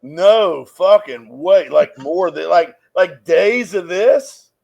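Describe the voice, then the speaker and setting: A middle-aged man trading crude, deadpan jokes as co-host in a casual podcast chat. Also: high voice, slow, gravelly, lo-fi sound.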